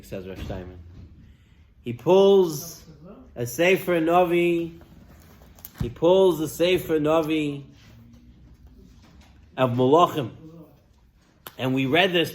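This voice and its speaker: A man, a rabbi, preaching a sermon as an animated storyteller who addresses listeners directly and swings from loud to near-whisper. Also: fairly high pitch, a little hiss or hum.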